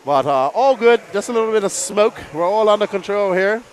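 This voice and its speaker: A man calling a live RC car race as announcer, excitable and often laughing between calls. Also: high-pitched, brisk, slight background noise.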